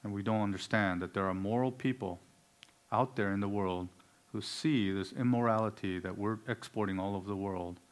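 Emphatic preacher, man. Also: moderate pace. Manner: emphatic, swings between loud declarations and low, quiet asides. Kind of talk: sermon.

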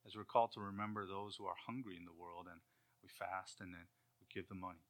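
A man's voice: low voice, little pitch movement, fast. A man preaching a sermon in a conversational way, with rhetorical questions and acted-out quotes.

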